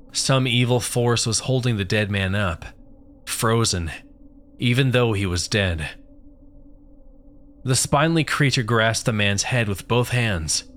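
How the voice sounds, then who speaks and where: A man reads a first-person horror tale aloud with a fairly low voice. His telling stays steady and grim throughout, letting the gore land without fuss. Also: slight background noise. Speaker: narrator.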